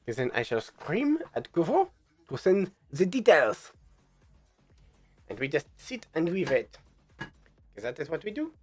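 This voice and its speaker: A man's voice: a little high, huge pitch swings, measured pace, pauses often, darkish tone, faint music behind. A man casting an esports tournament, chatting casually on a live stream between matches, chatty and giggly. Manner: chatty, giggly, plays with silly voices.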